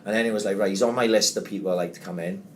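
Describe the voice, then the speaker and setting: A man hosting a podcast, telling an animated, sweary story and acting out the quotes. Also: fairly low pitch, very fast, a little hiss or hum. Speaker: podcast host. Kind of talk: casual storytelling chat.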